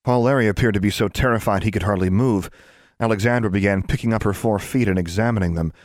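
A man with a very low, deep voice reads a story aloud in a measured, steady way. The sound is dry and close, with no room around it. It suits a calm audiobook narration. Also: dry recording. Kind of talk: scripted narration.

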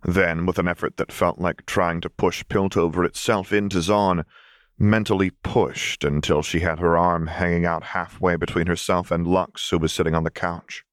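A man reading fan fiction aloud as an audiobook narrator, in a calm, measured storytelling manner. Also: deep voice, dry recording, clean studio sound.

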